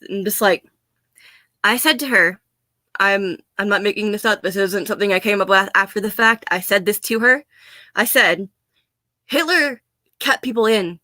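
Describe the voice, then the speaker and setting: A woman's voice: medium pitch, a bit bright, no echo. An American woman ranting in a casual vlog, blunt, profane and sarcastic, often laughing. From United States. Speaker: vlogger.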